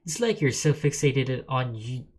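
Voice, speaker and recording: A man voicing a pushy female self-improvement coach in a high, sing-song falsetto, lecturing while reading game dialogue aloud. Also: lively intonation, unhurried, darkish tone. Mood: preachy.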